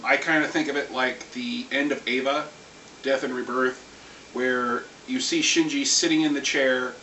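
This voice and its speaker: Rambling man in an echoey room. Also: mid-range voice. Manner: rambling, animated, swears. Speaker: vlogger ranting about anime. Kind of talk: casual rant. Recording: echoey room, far from mic, faint hiss.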